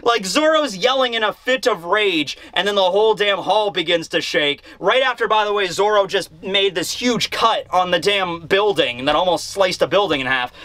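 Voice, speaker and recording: Chatty guy going over a comic chapter, high bright voice, dry sound, gets excited and acts out bits. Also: moderate pace, hardly any pauses, dry recording. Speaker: YouTuber reviewing manga chapters. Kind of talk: casual commentary.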